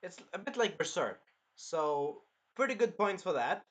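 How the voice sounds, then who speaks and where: A man co-hosting a casual review chat, excitable and breaking into shouted impressions of scenes. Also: sits high, unhurried. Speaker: anime review co-host.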